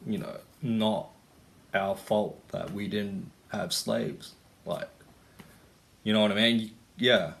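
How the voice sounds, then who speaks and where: A man's voice: sits low, creaky, a bit bright. A young Australian man ranting casually to camera, rambling and swearing with lots of fillers. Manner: rambling, profane, full of fillers. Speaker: vlogger.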